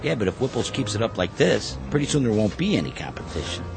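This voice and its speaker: A man's voice: fairly low pitch, big pitch swings, fast, vocal fry, music in the background, rough recording. A man playing a restless, chatty factory worker who asks a lot of questions.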